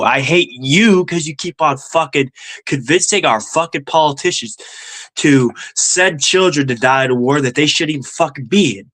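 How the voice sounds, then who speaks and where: A man's voice: medium pitch, fairly bright tone. A young man with a nasal voice hosting a stream, ranting angrily about politics and swearing constantly. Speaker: stream host. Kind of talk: profane political rant.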